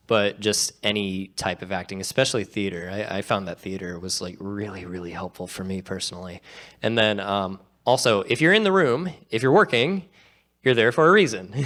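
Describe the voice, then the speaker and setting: A man's voice: on the low side, fairly bright tone. A man on a convention panel giving encouraging advice and laughing easily. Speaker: voice actor panelist. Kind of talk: casual convention panel chat.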